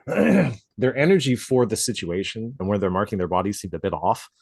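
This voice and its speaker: A man's voice: fairly low pitch, expressive, brisk, vocal fry, a little mellow, breathy edge, no room sound, clean studio sound. A man co-hosting a tattooing podcast, chatting casually with lots of swearing and laughter. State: coughing from a drink gone down the wrong pipe. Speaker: podcast co-host and tattoo artist. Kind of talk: casual chat. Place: home studio, outside noise nearby.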